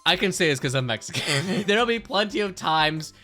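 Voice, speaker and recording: A young man hosting a commentary video talks fast and high-pitched, ranking things with casual, sarcastic energy, swearing freely and laughing often. Faint music plays behind him.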